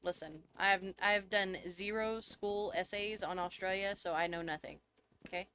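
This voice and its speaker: A woman's voice: medium pitch, fairly even intonation, moderate pace, pushed and bright, slight background noise. A woman, live-streaming a game and chatting casually with her viewers, laughing often as she goes. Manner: chatty and giggly, answering chat. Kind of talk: casual chat with viewers while gaming.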